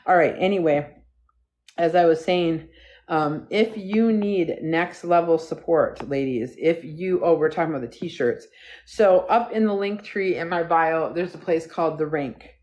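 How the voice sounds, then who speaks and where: A woman hosts a casual live stream recorded on a phone, rambling and chatting with her viewers and her dog. Her voice sits low and a little mellow, at a measured pace.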